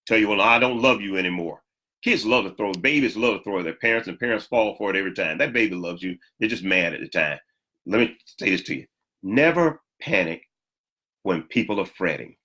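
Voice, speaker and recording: Bright-voiced preacher man, emphatic delivery. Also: fast. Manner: emphatic preaching with sudden jumps in pitch and repeated lines for the congregation. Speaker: pastor. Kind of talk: sermon.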